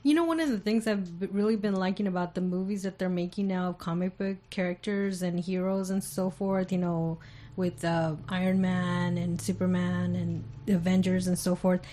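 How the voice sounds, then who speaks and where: Woman co-host, earnest casual talker, warm dark voice. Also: on the low side, steady tone, moderate pace. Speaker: podcast co-host. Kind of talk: casual chat.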